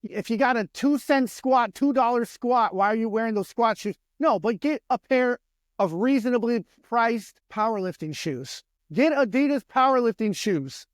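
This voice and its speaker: A man's voice: very high-pitched, expressive, normal speed, no room sound, clean studio sound. An American man hosting a podcast, delivering a profane, fired-up fitness rant full of repeated exhortations. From United States. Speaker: podcast host.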